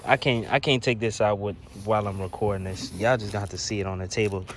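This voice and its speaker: A man's voice: fairly low pitch, fairly quick, hardly any pauses, heavy background noise. A young man giving a casual, slangy, profane unboxing commentary outdoors beside a car, filming on a handheld phone. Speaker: car audio vlogger.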